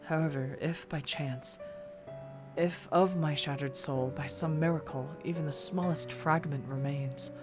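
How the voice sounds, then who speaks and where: A woman voicing a young man who leaves a solemn farewell letter, read slowly and softly in a lowish voice. Game music plays clearly behind him. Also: fairly even intonation.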